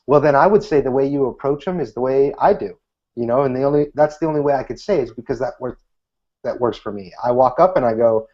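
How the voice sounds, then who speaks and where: A man in his thirties, a guest magician, giving casual interview answers and acting out what he says to people in a lifted voice. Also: medium pitch. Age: 30s. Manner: animated, acts out quoted lines in a lifted voice. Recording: dull lo-fi recording.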